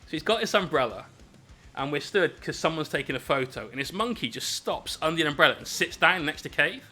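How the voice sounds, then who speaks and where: A man's voice: a little high, animated, a little fast, sharp tone, soft background music. A British man casually telling a rambling, swear-filled story while painting miniatures on stream.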